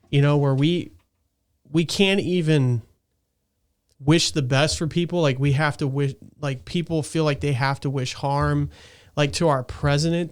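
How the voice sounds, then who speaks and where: Smooth-voiced chatty man. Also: on the high side. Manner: rambling, chatty, laughs easily. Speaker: podcast host. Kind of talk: casual podcast chat.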